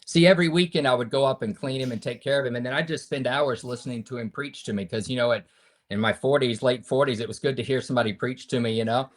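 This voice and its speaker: A man's voice: mid-range voice, quick pace. Earnest man in his fifties, storytelling. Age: 50s. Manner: earnest, preacher-like, swings between loud and hushed. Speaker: podcast guest. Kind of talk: emotional personal storytelling.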